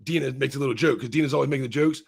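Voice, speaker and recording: A man's voice: mid-range voice, rapid-fire, gravelly, breathy edge. A man hosting a casual talk show, rambling profanely with many restarts as he argues his point. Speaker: podcast host. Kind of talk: casual chat.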